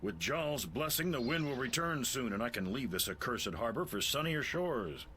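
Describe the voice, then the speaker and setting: An actor voicing a gruff, sarcastic male sea captain in a video game, drawing out his mocking questions. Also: medium pitch, big pitch swings, moderate pace, pushed and bright, a little hiss or hum.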